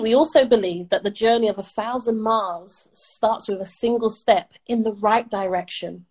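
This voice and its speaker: In a motivational interview, an upbeat middle-aged woman from the UK talks as a podcast guest with plenty of emphasis and frequent laughter. Her voice is a little high, and the recording quality is rough.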